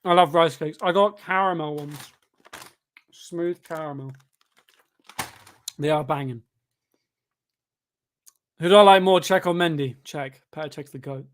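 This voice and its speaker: A young man chatting through a live football watchalong, tired, reading out chat questions and breaking into sudden excited shouts at the game. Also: fairly high pitch, moderate pace, long pauses. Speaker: livestreamer reading chat during a match.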